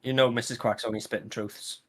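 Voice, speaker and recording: A man's voice: medium pitch, flat delivery, brisk. Dry-humored man guest judge. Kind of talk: casual live stream chat.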